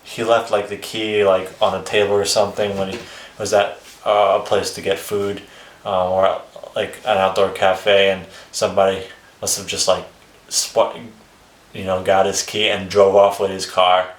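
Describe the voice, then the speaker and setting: A man with a fairly low voice tells a personal story in a loose, rambling, conversational way. He swears casually and keeps breaking into short chuckles. The sound is roomy, with a noticeable echo around him. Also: level tone, normal speed, slight background noise. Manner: rambling, chuckles between phrases, swears freely. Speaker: vlogger telling his life story.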